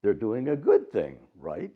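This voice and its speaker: Animated man retelling a story. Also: fairly low pitch, measured pace, husky. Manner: animated retelling, acts out voices. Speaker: Buddhist teacher. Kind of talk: dharma talk storytelling. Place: temple hall. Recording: dull lo-fi recording.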